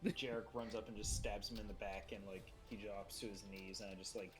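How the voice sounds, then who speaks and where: A man's voice: on the low side, fairly even intonation, a little fast, music in the background. A man playing a tabletop game who jumps in eagerly with jokes and actions for his character. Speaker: player.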